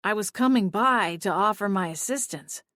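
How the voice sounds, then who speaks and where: Woman doing a sheepish, gentle young man. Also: medium pitch, expressive, moderate pace, dry recording, clean studio sound, natural voice.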